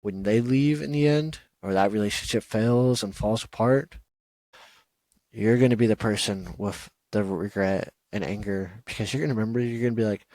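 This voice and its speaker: Male podcast host, lowish voice, earnest advice monologue with "you know" fillers, dry close mic. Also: moderate pace, a little mellow, no room sound, poor audio. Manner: earnest, repetitive reassurances, frequent "you know" and "okay?".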